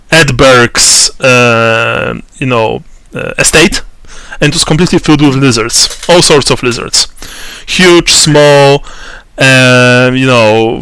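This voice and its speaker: A man narrates a tabletop role-playing game as its game master, speaking slowly and haltingly, full of fillers and restarts. His voice is bright and crisp, and the recording is dry and close. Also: medium pitch, no echo.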